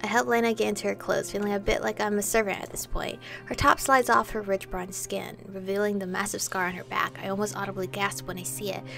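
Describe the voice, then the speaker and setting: A woman reading a romance visual novel aloud, expressive and excitable, breaking into sweary reactions. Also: mid-range voice, fast talker, gravelly, few pauses, soft background music.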